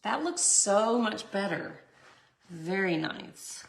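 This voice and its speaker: Her voice is mid-range and creaky, and she goes slowly. The middle-aged woman leads a casual resin art tutorial, chatting away, laughing often, and speaking to the people watching.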